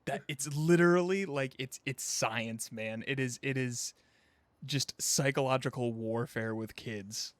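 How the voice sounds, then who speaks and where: A man co-hosting a relaxed podcast with friends, talking in long animated explanations and laughing easily. His voice is mid-pitched. The room sounds dry and close. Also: measured pace, dry recording. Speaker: podcast co-host. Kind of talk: casual chat among friends.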